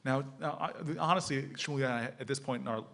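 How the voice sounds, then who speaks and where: A man telling a story to an audience at a panel event, acting out shouted lines. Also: medium pitch, quick pace, gravelly. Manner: animated, acts out shouting quotes. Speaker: panel speaker. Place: lecture hall with audience.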